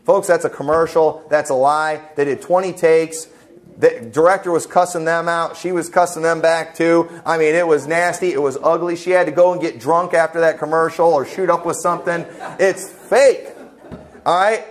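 A man's voice: fairly high pitch, fairly even intonation, moderate pace. A man pastor preaching a sermon in church, emphatic and conversational, full of rhetorical questions.

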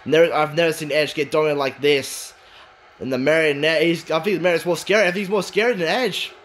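A man calling a wrestling match play by play, excitable, shouting in bursts and swearing. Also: a little high, fast talker, a little hiss or hum. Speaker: wrestling commentator.

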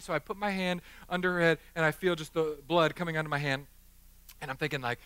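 Male pastor, middle-aged, animated storytelling sermon, high bright voice, dry close sound. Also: fast, no room sound. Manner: animated, joking, acts out the people in his stories. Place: church chapel.

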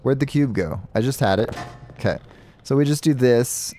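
A man streaming a puzzle game live, talking through it in an excitable, joking way and thinking aloud. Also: mid-range voice, normal speed, noisy background. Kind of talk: live gameplay commentary.

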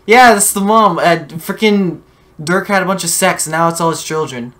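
A somewhat high-voiced man with a bright, forceful edge talks through a game he's playing, casual and loose. He bursts into loud, excited yelling and curses freely. He's recorded over a voice chat with a friend. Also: normal speed. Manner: excitable, yelling reactions, heavy swearing. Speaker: let's play host and player. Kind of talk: casual gameplay commentary.

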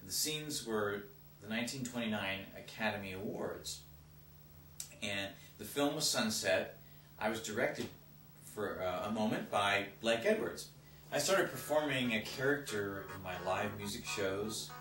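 A man's voice: fairly low pitch, unhurried, fairly bright tone, recorded from a distance. A man, an actor, narrating his career in an upbeat, showman-like way. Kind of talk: self-promo narration. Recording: echoey room, off-mic.

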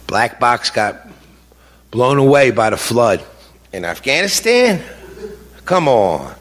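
A man's voice: medium pitch, very animated, slow pace, pauses often, a bit bright. A middle-aged man speaking as a grieving father in an impassioned public speech, indignant and repetitive, his voice rising with anger. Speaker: grieving father of a fallen soldier. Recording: long reverb of a large hall.

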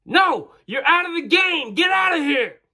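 A man voicing an angry baseball coach who shouts commands in a strained, high voice. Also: very animated, unhurried, heavily acted. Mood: furious.

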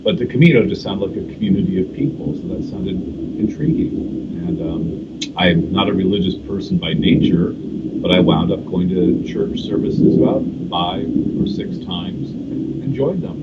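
A man from California, a guest on a podcast, recounting his travels in a measured, thoughtful way with frequent fillers. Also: low-pitched, expressive, lo-fi sound, very noisy. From California, USA. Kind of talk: casual podcast interview.

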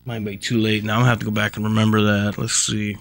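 A man's voice: fairly low pitch, little pitch movement, quick pace, creaky, fairly bright tone, dry recording. A man streaming a video game live, commenting casually with frequent swearing and frustrated grumbling.

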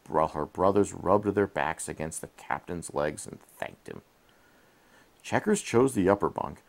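A man reading a bedtime story to his child while in bed, gently asking questions along the way, recorded on a head-mounted camera. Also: sits low, creaky. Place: in bed at home.

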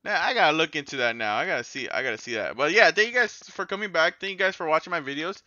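A man giving casual, excitable gameplay commentary as a gaming YouTuber, yelling and swearing when the game goes wrong. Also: fairly high pitch, fast talker, no room sound, dull audio.

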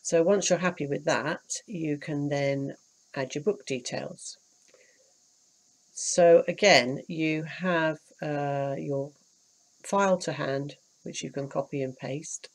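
Tutor, croaky and gravelly with hay fever, calm step-by-step screen walkthrough. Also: medium pitch, takes it slowly. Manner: practical, explains step by step, mild asides of annoyance. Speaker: self-publishing tutor.

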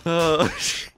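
A man streaming a game role-play, laughing helplessly and swearing as he breaks character. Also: a bit bright.

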